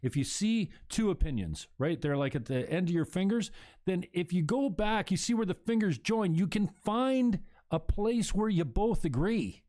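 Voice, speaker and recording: Guy hosting a talk show, blunt and sweary, kinda higher voice, heated. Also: expressive, normal speed, darkish tone. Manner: blunt, profane and emphatic.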